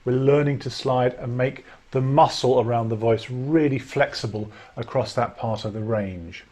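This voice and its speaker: A man coaching singers through a vocal warm-up, giving clear instructions and demonstrating breaths and lip trills. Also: medium pitch, moderate pace. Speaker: choir director. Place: home during lockdown.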